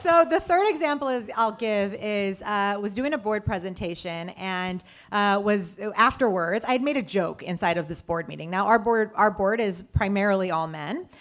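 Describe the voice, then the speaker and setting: A woman's voice: normal speed, few pauses. A woman co-founder telling an anecdote in an interview, acting out the voices of the people she quotes. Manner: lively storyteller acting out quoted voices with big pitch jumps. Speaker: company co-founder, interview guest.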